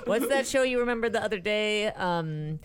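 Woman on a podcast, dry teasing asides, mid pitch. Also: animated, moderate pace, crowd noise. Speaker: podcast co-host. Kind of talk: casual chat.

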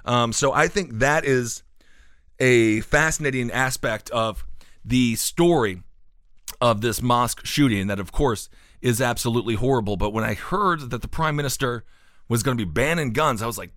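Brief: male podcast host, lively pitch, dry close sound, sarcastic and cynical. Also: moderate pace, no room sound. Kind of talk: casual opinion chat.

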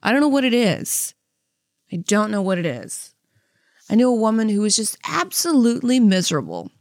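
A woman's voice: medium pitch, big pitch swings, moderate pace, darkish tone, no room sound, clean studio sound. A woman in her thirties, co-hosting a comedy podcast, rambling through anecdotes with lots of fillers, tangents and laughter. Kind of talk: casual rambling chat. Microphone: close studio mic.

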